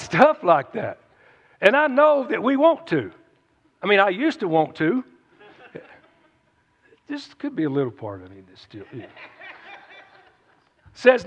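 A man, reading scripture and then preaching in a folksy, joking way with asides to listeners, speaking through a runny nose. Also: very high voice. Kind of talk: Bible reading and sermon. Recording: muffled, with long reverb.

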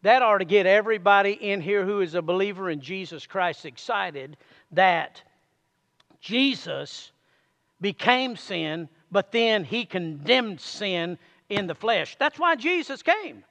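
A man preaching a sermon to a congregation, calling for amens and reading scripture aloud slowly. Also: high voice, lively intonation, a bit bright, big-room sound. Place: church sanctuary.

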